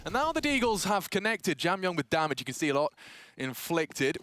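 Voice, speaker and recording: A young man casting a live match with play-by-play commentary, reacting quickly and excitedly to the action. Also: fairly high pitch. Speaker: esports caster.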